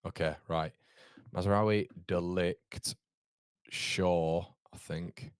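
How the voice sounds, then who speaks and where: A man's voice: low voice, fairly even intonation, very slow, clean tone, dry recording, clean studio sound. A man from York, hosting a live football watchalong in a chatty, rambling way with frequent laughter. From York, England. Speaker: watchalong host.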